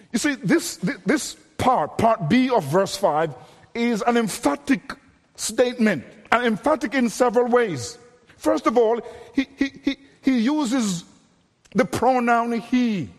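A man's voice: high voice, in a large hall. A man preaching a sermon, emphatic and explanatory, often repeating words as he presses a point.

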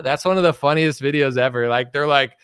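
A man's voice: medium pitch, fairly quick, fairly bright tone, smooth, no echo, clean studio sound. A man giving rambling, sarcastic political commentary in a solo vlog, full of "it's like" and mocking quotes.

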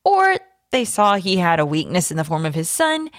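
A woman podcast host reading a fan theory aloud, with lively storytelling emphasis. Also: on the low side, normal speed, dry recording, studio quality.

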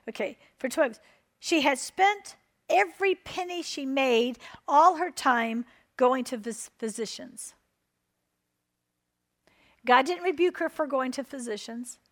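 A woman preaching a sermon, emphatic and repeating her points while asking the crowd for an "Amen". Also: sits high.

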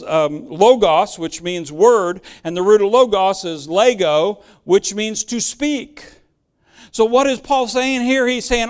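A man's voice: high voice, clean tone. A man preaching a sermon and explaining Bible verses, earnest and emphatic, repeating phrases for stress.

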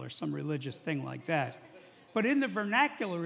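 A male pastor preaching a sermon in a church, talking conversationally and building to loud, emphatic peaks. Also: a little high, animated, fairly quick, gravelly. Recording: long hall reverb.

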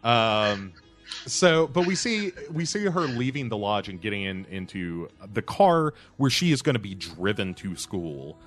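Podcast co-host, low voice, rambling recap, faint music under it. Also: male voice, big pitch swings, a little slow, fairly bright tone. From United States. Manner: rambling, many fillers and restarts. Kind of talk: casual chat recapping a TV episode.

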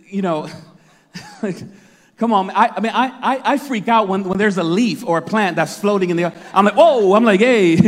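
High-voiced animated male pastor in his thirties. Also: in a large hall. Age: 30s. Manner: animated storytelling, laughing often, acting out his own shouts. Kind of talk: sermon.

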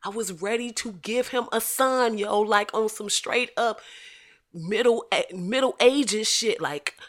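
Loud, profane, bright-voiced woman ranting. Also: normal speed. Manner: profane, animated, swings from loud shouting to low asides. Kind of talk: casual comedic rant.

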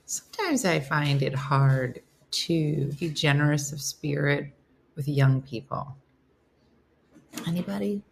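A woman's voice: sits low, lively intonation, slow, gravelly, slight background noise. A woman hosting a casual live morning stream, chatty and playful, teasing her viewers. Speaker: host of a live morning show.

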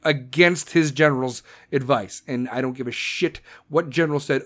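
A podcast host ranting angrily, swearing heavily and firing off questions in a heated rant. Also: male voice, medium pitch, normal speed, few pauses, a bit bright. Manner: angry, profane, heated ranting. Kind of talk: political rant.

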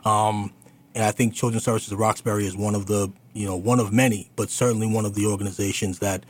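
A man's voice: on the low side, level tone, quick pace. A man hosting a community radio talk show, speaking in a chatty, affirming way with many fillers and restarts.

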